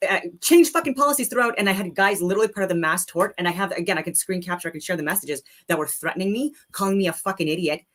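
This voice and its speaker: A woman's voice: on the low side, fairly bright tone. A woman delivering an agitated, unscripted rant, swearing heavily and rambling between points. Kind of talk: unscripted ranting monologue.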